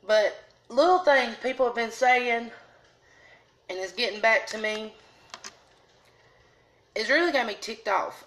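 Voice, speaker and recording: A woman's voice: medium pitch, fairly bright tone. Woman, live-stream host, folksy and chatty, phone mic in a salon. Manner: folksy, chatty, greets viewers by name. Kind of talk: casual live video chat. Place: salon, indoors.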